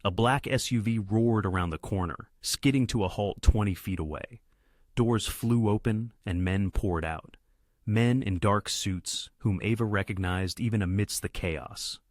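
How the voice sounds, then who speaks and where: A man reading a dramatic story aloud in a steady narration. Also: lowish voice, measured pace, no echo, studio quality.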